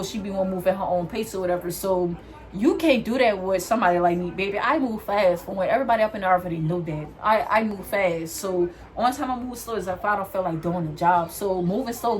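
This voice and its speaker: A young woman vlogger telling a story in a loud, animated way while doing her hair, speaking straight to her viewers. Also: mid-range voice. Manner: animated, talks straight to viewers, calls them "y'all"; loud, says she has a loud mouth.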